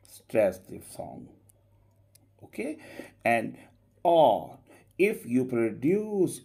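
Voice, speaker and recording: A male English teacher giving an online class lecture, explaining slowly and tagging many lines with a rising "okay?". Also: mid-range voice, vocal fry, dark tone, breathy edge. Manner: slow, drawn-out explaining with frequent rising "okay?".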